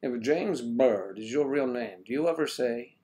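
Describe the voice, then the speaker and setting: A man's voice: mid-range voice, animated, unhurried, warm tone. Jokey older man hosting a chat. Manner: jokey, playful, teasing. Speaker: livestream host. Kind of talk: casual chat reading viewer comments.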